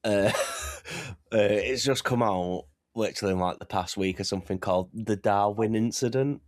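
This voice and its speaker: A young man chatting casually on a podcast, animated, laughing often and swearing freely. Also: on the low side, moderate pace, dry recording, studio quality. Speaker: vtuber guest.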